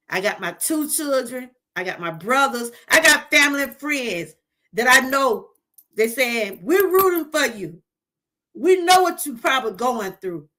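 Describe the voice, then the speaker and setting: Her voice is high with a sharp edge as she talks to viewers on a casual livestream. The middle-aged woman from Georgia offers a heartfelt testimony and reads the chat aloud.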